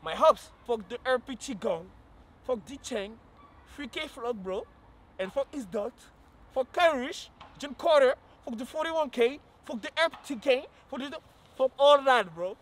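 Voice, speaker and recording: A man's voice: very high voice, animated, a little slow, faint music behind. A man filming a joking complaining vlog, whiny and slangy, calling everyone "bro" and mixing in French words.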